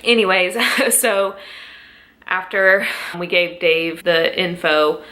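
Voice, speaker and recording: A woman's voice: on the low side, slow, sharp tone. A young adult woman telling a pregnancy story at home in a casual vlog, emotional and close to tears, laughing between lines. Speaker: vlogger.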